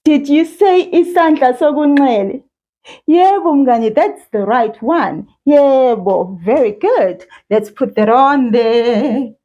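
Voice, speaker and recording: A South African woman teaching children, with encouraging sing-song praise and slow call-and-repeat drills. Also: high-pitched, mellow. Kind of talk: slow, patient kids' lesson with call-and-repeat. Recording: dull lo-fi sound.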